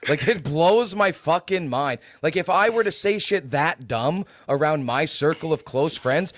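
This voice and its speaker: A man's voice: a little high, lively intonation, a little slow, fairly bright tone, slight background noise. A man co-hosting a casual live stream, ranting with a profane, contemptuous manner.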